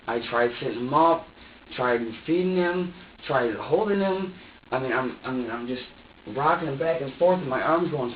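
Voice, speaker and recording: A man's voice: on the high side, normal speed, slight background noise. A young man being questioned by police, talking in a rambling, repetitive and defensive way. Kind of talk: police interrogation. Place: police interview room. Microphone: far room microphone. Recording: tinny, echoey room audio from far off.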